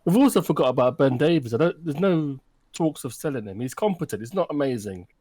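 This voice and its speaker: A man chatting on a football podcast, hesitant with frequent pauses. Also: fairly high pitch, animated, a crowd in the background. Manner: hesitant, lots of ums. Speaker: podcast co-host. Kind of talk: casual podcast chat.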